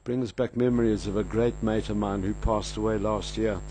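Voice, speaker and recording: A man's voice: on the low side, little pitch movement, moderate pace, background noise. An older man with a South African accent, hosting a radio show in a casual, rambling storytelling manner full of fillers. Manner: rambling, anecdotal, frequent fillers. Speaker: radio host. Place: radio studio.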